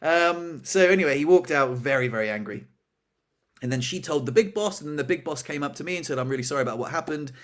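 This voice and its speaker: A young man co-hosting a podcast, telling a story in a casual, animated way, pitching up when he acts out dramatic moments. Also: fairly quick. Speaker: podcast co-host.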